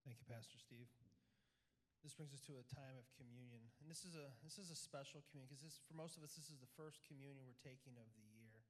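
A man's voice: mid-range voice, quick pace. A man leading communion in a church service, speaking earnestly and stumbling a little. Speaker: worship leader introducing communion. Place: church sanctuary.

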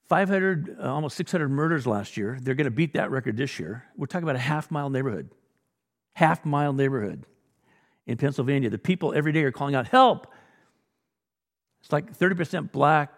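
Blunt gravelly male preacher in a hall. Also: mid-range voice, animated, brisk. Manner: blunt, exhorting, rhetorical questions. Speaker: pastor. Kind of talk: sermon.

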